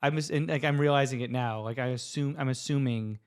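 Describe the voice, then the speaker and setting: A man co-hosting a casual podcast, talking quickly and at a middle pitch. He rambles, second-guesses himself and laughs along easily. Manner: rambling, self-questioning, laughs often. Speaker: podcast co-host. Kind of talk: casual chat.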